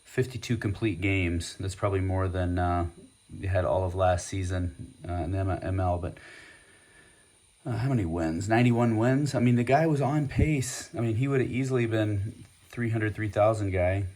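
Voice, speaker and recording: Chatty low-voiced man opening card packs. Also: moderate pace, a little mellow. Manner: chatty, rambling, with many fillers. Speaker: host. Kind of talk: casual card-opening vlog.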